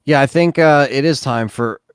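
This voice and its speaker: A man co-hosting a gaming podcast, talking in a measured, hesitant way with many fillers. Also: mid-range voice, clear, resonant tone, dry recording, studio quality. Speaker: podcast co-host. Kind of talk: casual gaming podcast chat.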